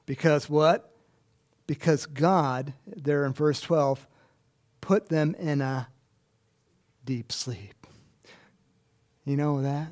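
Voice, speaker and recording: A man's voice: a little high, very slow, long pauses, darkish tone. A man preaching a conversational sermon in a church, chatty and self-deprecating, laughing often. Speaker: pastor.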